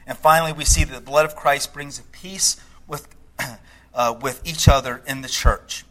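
Bright-voiced male pastor preaching. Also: medium pitch, moderate pace, rough recording. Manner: storytelling, shifts between hushed and emphatic. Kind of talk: sermon.

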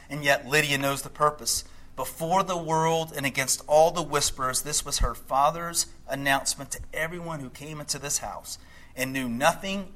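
Bright-voiced male pastor preaching. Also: mid-range voice, low-quality recording. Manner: storytelling, shifts between hushed and emphatic. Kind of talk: sermon.

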